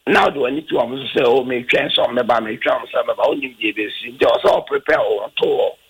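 A man with a Ghanaian accent, a football coach answering radio interview questions earnestly, switching between Twi and English with halting restarts. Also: medium pitch, slightly rough, poor audio.

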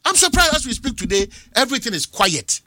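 An impassioned Ghanaian man speaks in a heated radio discussion, hammering his points home with repeated questions and phrases. His voice sits very high and sounds sharp and bright. The sound is close and dry, with no room in it. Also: very animated, a little fast, no room sound. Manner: impassioned, repeats phrases insistently, mixes English with Twi. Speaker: radio talk show panelist.

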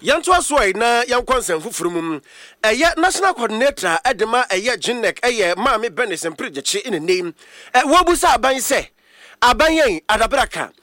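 A man with a very high, bright voice presents the news. He speaks briskly in a dry, close studio sound as he moves between stories. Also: very animated, no room sound.

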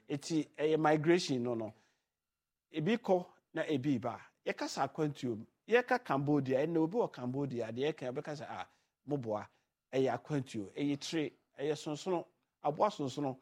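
A man's voice: fairly high pitch, a little mellow. Chatty radio host man. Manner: mixes languages, chatty and loose. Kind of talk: casual radio chat.

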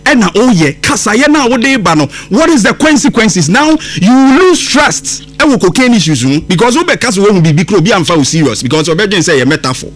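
Animated Ghanaian man on radio. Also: high voice, fairly quick, few pauses, faint music behind. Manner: emphatic, indignant, repeating himself for stress. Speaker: radio host. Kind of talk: radio political commentary in Twi and English.

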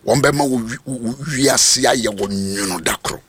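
A man preaching, switching between Twi and English, with sudden shouts and hammering repetitions. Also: mid-range voice, normal speed, slight background noise. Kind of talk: sermon.

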